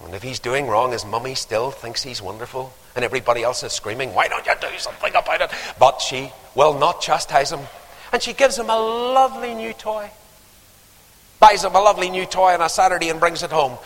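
A man preaching a sermon, telling stories with lively acted-out voices. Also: fairly high pitch, a little fast. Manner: animated storytelling, acting out voices. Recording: long hall reverb.

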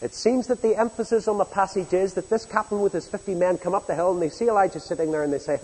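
A husky-voiced man, pitched a little high for a man, preaches a Bible story with folksy asides. His loudness swings from quiet, confiding remarks to loud, ringing climaxes. The sound carries a long reverb from a large hall. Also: fairly quick. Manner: folksy storytelling, acting out sarcastic soldiers, big swings in loudness. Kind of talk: sermon.

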